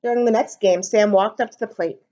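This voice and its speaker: A woman reading a children's storybook aloud for a library storytime, expressive and animated. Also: medium pitch, a little fast. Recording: dull lo-fi recording.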